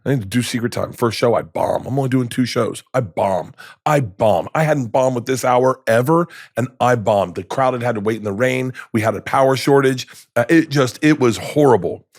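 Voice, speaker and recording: Gravelly guy telling wild stories on a podcast, does hushed voices for his family, dry studio sound. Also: mid-range voice, moderate pace, dry recording. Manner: acts out quoted relatives in hushed voices, laughs while telling. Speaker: comedian guest. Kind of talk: animated storytelling.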